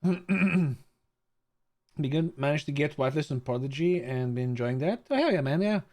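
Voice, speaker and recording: A man's voice: fairly high pitch, expressive, normal speed, darkish tone. A young adult man from Bulgaria chatting casually with his live stream viewers, stammering through restarts, swearing freely and greeting chatters by name.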